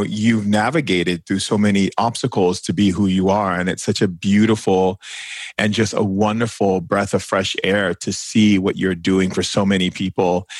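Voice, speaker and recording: A man's voice: deep voice, no echo, clean studio sound. A man hosting a podcast, closing an interview with effusive, gushing praise for his guest. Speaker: podcast host. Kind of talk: warm interview wrap-up.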